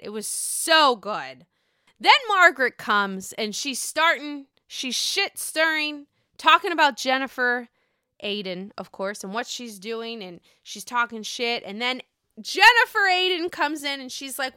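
A woman recapping a reality TV episode in casual, profane, excitable chat from home. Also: a little high, normal speed, clear, resonant tone, dry recording, studio quality. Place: home, dogs upstairs.

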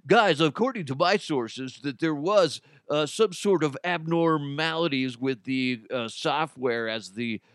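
A man's voice: a little high, measured pace, few pauses, clean tone, no room sound, clean studio sound. A middle-aged man hosting a casual news podcast, slightly under the weather, rambling, joking and swearing freely. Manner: rambling, jokey, swears freely, laughs at his own jokes. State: slightly sick. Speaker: podcast host.

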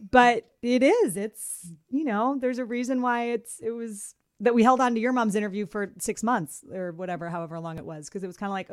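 A woman co-hosting a podcast, chatting casually with friends and talking in warm, effusive bursts with frequent restarts. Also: medium pitch, a little fast, no echo, studio quality. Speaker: podcast co-host.

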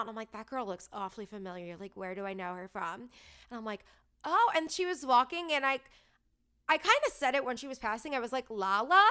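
A woman in her thirties chats away brightly, gushing about everything and filling her sentences with "like". Her voice is fairly high and rings smooth and clear. She tells stories in an easygoing, casual flow. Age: 30s. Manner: bubbly, gushing, lots of "like". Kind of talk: casual chatty storytelling.

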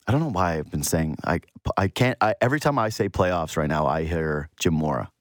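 This sports show host speaks a little fast, captured in studio quality with no room sound. He rambles animatedly and casually, putting on a higher voice whenever he imitates a quote.

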